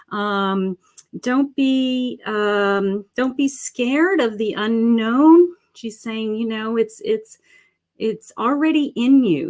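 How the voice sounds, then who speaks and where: A middle-aged woman giving live tarot readings as a psychic medium, talking in a halting way with many fillers and calling viewers sweetheart and honey. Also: mid-range voice. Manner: slow, halting, with many fillers and terms of endearment. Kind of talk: live-stream card reading.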